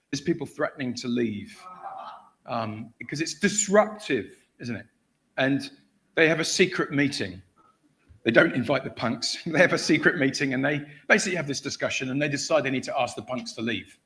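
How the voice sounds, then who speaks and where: Animated man telling a sermon story. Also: a little high. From England. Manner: animated storyteller, acts out shouted voices, laughs often. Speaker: guest preacher. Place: church.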